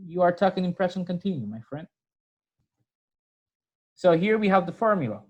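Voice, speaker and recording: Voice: medium pitch, sing-song, normal speed, darkish tone. A teacher explaining grammar in a recorded lesson, patiently repeating points and checking in with the class. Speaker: English teacher.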